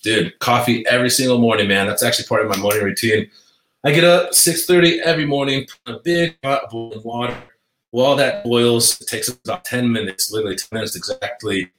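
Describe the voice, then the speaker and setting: A relaxed man chatting on a podcast, loose and friendly in tone, calling people dude and bro. His voice sits in a roomy, echoey space. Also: medium pitch, a little fast, a little hiss or hum. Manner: laid-back, says dude and bro a lot. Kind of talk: casual chat. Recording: roomy echo.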